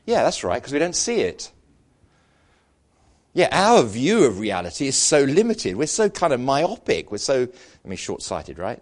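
Brief: male pastor, middle-aged, animated sermon storyteller, wry humour, very expressive pitch. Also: moderate pace. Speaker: preacher.

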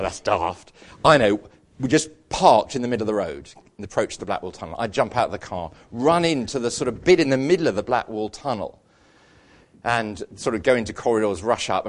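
Brief: male pastor, middle-aged, animated sermon storyteller, wry humour, very expressive pitch. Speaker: preacher.

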